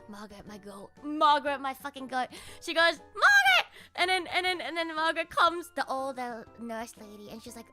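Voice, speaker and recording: A woman livestreamer telling a story in casual chat, animated, swearing a lot and laughing along. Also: high-pitched, normal speed, faint music behind.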